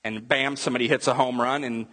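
A man's voice: mid-range voice, steady tone, quick pace, fairly bright tone, slightly rough. A man preaching a sermon as a pastor, talking to the congregation in a loose, conversational way. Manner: conversational preaching with acted-out crowd voices.

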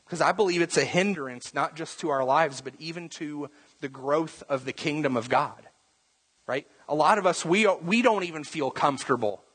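A man's voice: fairly high pitch, a bit bright, husky. A man preaching a conversational sermon, often repeating words as he goes and briefly acting out the voices of the people in his story. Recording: long reverb.

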